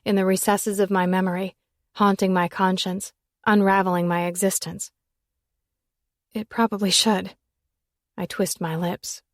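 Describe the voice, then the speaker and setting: A woman narrating a first-person romance audiobook in an intimate, emotional manner that turns breathy at its quiet moments. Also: lowish voice, no room sound, studio quality.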